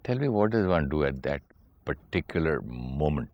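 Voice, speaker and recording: A man's voice: a bass voice, big pitch swings, moderate pace, a little mellow. A man, a talk show host asking probing follow-up questions. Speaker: interviewer host.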